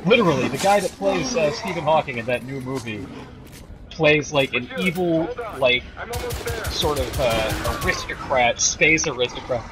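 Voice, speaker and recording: A man's voice: medium pitch, expressive, moderate pace, loud music behind the voice, low-quality recording. A man casually commenting while he streams a video game, joking and chatting with viewers. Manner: joking, sarcastic, talks to chat viewers.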